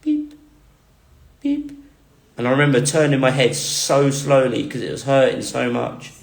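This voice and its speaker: A man's voice: medium pitch, flat delivery, normal speed, vocal fry. A man earnestly telling his own story to camera, repeating words for emphasis. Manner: earnest, repetitive emphatic phrasing. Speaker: vlogger recounting a near-death experience. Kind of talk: emotional personal storytelling. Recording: roomy echo.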